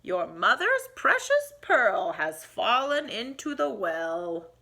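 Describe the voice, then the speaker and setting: A woman voicing a sleepy, grumpy old man who drawls slowly. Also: a little high, sing-song, creaky, pushed and bright, heavily acted. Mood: drowsy. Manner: slow, drowsy.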